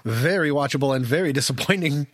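A man co-hosting a casual movie podcast, joking with quick asides and frequent laughs. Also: medium pitch, no echo. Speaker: podcast co-host.

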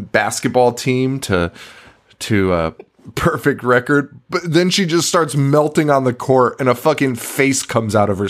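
A male podcast co-host with an average-pitched voice, recapping a film in casual chat. He rambles, swears freely and trips over his words. He breaks into laughter often.

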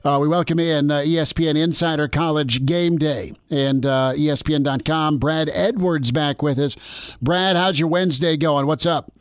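A man's voice: on the high side, fairly even intonation, moderate pace, smooth, dry recording. Joking sports radio host man. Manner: casual, joking, many fillers. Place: radio studio.

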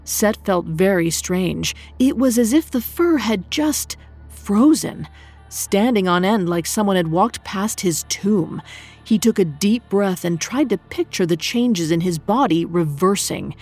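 A woman telling a myth in scripted, measured, dramatic narration. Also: medium pitch, lively intonation, darkish tone, husky, faint music behind. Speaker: storyteller.

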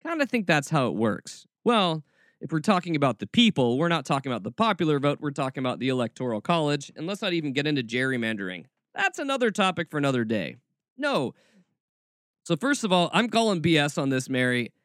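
A man hosting a podcast and giving animated, sarcastic commentary full of mocking asides. His voice sits slightly high and swings around a lot. The sound is close and dry. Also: a little fast, dry recording. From American South.

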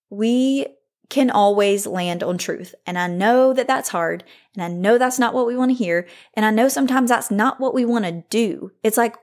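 A woman in her thirties hosting a faith-based podcast, talking in a candid, reflective way with frequent "like" fillers. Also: mid-range voice. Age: 30s. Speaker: podcast host.

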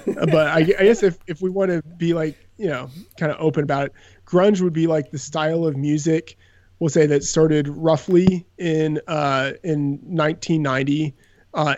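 Male podcast guest, casual and self-deprecating, rambles with fillers, slightly higher voice. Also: darkish tone, no room sound, highs cut off.

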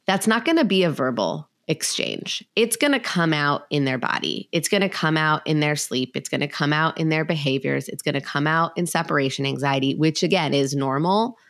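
A woman's voice: low-pitched, expressive, a little fast, hardly any pauses, fairly bright tone. A woman hosting a parenting podcast, talking thoughtfully and sometimes searching for words. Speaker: podcast host. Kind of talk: conversational parenting discussion.

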